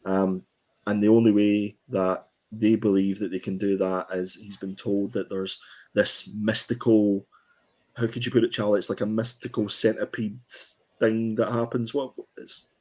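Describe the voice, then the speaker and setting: A man's voice: fairly low pitch, flat delivery, moderate pace, a little mellow. A man co-hosting a comic book review podcast, chatting casually and hesitantly with many ums and restarts.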